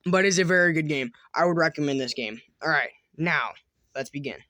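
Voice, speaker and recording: A man's voice: fairly high pitch, brisk, bright, forceful tone, no room sound. Man stumbling through reading a game aloud. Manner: stumbling reads, restarts and fillers; casual, chatty. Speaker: let's-play host.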